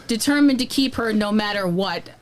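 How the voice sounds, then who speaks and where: A woman's voice: medium pitch, moderate pace. Chatty woman co-hosting a film podcast. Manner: animated, chatty, frank. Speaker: podcast co-host. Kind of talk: casual film review chat.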